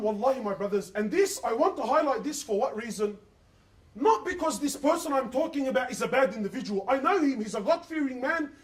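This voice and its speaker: A man's voice: extremely high pitch, reverberant, distant mic. A man, preaching an emotional sermon and asking his listeners rhetorical questions. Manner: impassioned, quotes others in dialogue, asks rhetorical questions. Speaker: Islamic preacher.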